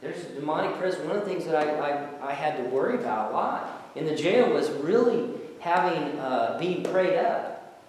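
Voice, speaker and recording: A man, a former jail minister, telling animated stories to an audience and acting out the people he quotes. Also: a little high, moderate pace, slight background noise. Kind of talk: storytelling talk to an audience. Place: church hall. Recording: echoey hall, from far off.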